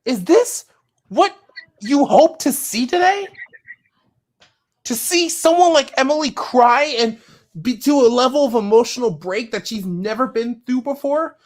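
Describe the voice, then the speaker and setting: A woman with a high voice that swoops widely lectures someone in a voice chat. She is impassioned and stacks up pointed questions, one after another. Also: animated, unhurried. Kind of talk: heated voice chat confrontation.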